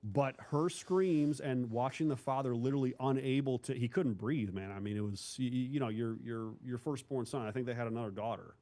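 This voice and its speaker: A man's voice: medium pitch, a little fast, few pauses, mellow. A man from Northeast Ohio, a former police officer, telling a hard story from his career in a candid, blunt, casual way as an interview guest. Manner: candid, blunt, calls the host bro.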